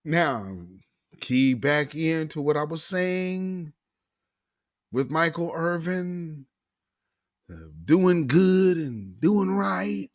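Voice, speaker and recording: A man hosting a talk show, delivering an opinionated monologue with emphatic sarcasm and calling his listeners family. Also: fairly high pitch.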